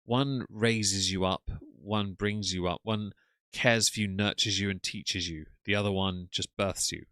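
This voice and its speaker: A man's voice: lowish voice, fairly even intonation, a little slow, pushed and bright, clean tone, no echo, clean studio sound. A man chatting casually on a live stream, reacting to clips and reading out chat names with frequent ums.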